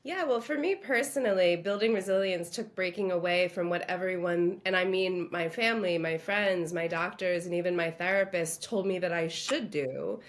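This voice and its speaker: A woman's voice: on the low side, normal speed, few pauses. Podcast guest: woman from Long Island, earnest, reflective personal storytelling. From Long Island, New York.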